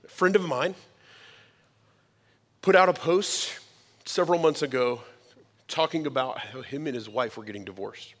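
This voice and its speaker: A man in his thirties preaching a sermon as a pastor, emphatic and conversational, with quick asides to the congregation. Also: medium pitch, a bit bright. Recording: long hall reverb.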